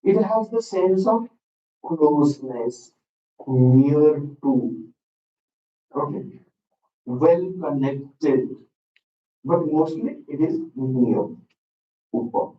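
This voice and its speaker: A man with an Indian English accent giving a classroom lecture, teaching slowly and deliberately, repeating words and checking in with "okay". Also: on the high side, animated, slight background noise. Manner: slow, deliberate teaching with frequent "okay" and repetition. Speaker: lecturer on Sanskrit texts. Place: school hall. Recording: roomy, dull sound from a distant mic.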